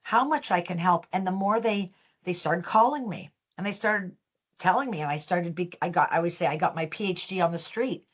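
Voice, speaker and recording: A woman's voice: lowish voice, a little fast, husky. A woman, a business founder telling stories as a guest in an interview, acting out the dialogue as she goes. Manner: lively storyteller, acts out quoted dialogue. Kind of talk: storytelling in an interview.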